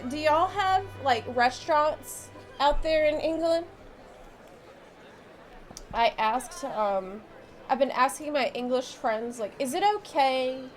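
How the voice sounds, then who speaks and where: A woman streamer chatting casually with her viewers, rambling and often cutting herself off mid-sentence. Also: high voice. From United States. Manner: chatty, rambling, self-interrupting.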